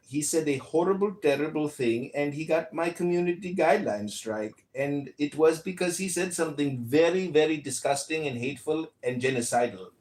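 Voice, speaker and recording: A man's voice: mid-range voice, a little mellow, natural voice. A man putting on an exaggerated Indian accent for a mock-solemn, formal complaint about hate speech in a casual discussion. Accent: put-on Indian accent. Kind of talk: comic impression in a live discussion.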